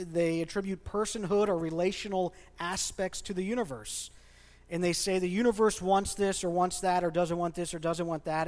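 A male pastor in his thirties preaching a sermon with passion, pushing hard on his key points. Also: high voice. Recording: long hall reverb.

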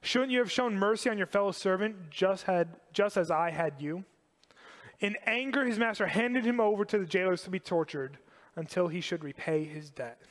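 A man preaching a sermon to a congregation, animated and emphatic, repeating key phrases. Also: sits high, normal speed, in a large hall. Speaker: pastor.

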